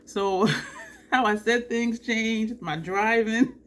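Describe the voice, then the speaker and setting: A woman from New Jersey chatting casually through a makeup tutorial, animated and laughing often. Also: a little high, takes it slowly. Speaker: beauty vlogger.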